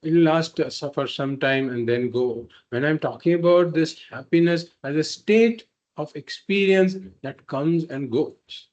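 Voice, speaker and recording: A man's voice: a little high, a little slow, a little mellow, highs cut off. A man teaching a spiritual philosophy class, explaining patiently and repeating points through simple examples. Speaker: Vedanta teacher.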